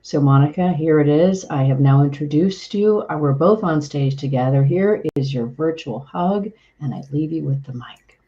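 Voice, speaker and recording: A woman's voice: sits low, moderate pace, few pauses, warm tone, muffled recording. A woman hosting a podcast and earnestly introducing her guest. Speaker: podcast host.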